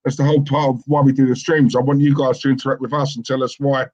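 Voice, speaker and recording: A man's voice: medium pitch, flat delivery, fast talker, a little mellow, highs cut off. A man co-hosting a live football stream, chatting casually and joking with viewers, laughing often. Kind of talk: casual banter and viewer chat.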